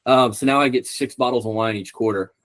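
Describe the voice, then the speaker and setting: A man's voice: medium pitch, steady tone, fairly quick, a bit bright. A young man co-hosting a podcast in casual chat, rambling with lots of ums and swearing freely. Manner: rambling, profane, many ums. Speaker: podcast co-host.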